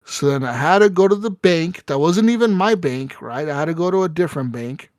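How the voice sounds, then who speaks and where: A young adult man, a podcast co-host, telling a story in casual, profane, animated chat. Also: a little high, a little fast, dry recording, studio quality.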